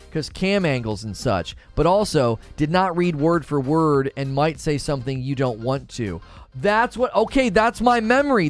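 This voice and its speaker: A man hosting a casual gaming livestream, reading chat and arguing his opinions out loud, now and then mimicking cartoon voices. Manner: animated, opinionated, thinks aloud; briefly mimics cartoon voices in a high falsetto. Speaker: gaming news host reading live chat.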